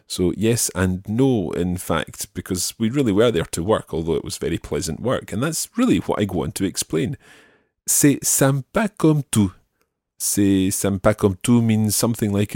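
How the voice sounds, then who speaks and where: A man teaching French phrases in a calm studio voice, repeating each phrase slowly and clearly. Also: lowish voice, no echo. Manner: slow careful repetition of phrases. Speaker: language teacher.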